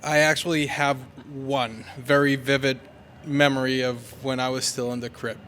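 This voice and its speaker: A man telling a childhood story live to an audience, slow and hesitant. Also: medium pitch, flat delivery, a bit bright, a little hiss or hum.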